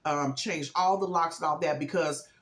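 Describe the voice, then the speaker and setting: This woman's voice is low-pitched and a bit bright, at normal speed in a reverberant space. In her casual vlog she tells a movie's story chattily, emphatically acting out characters' lines and frequently using fillers such as "um" and "this, this, and that."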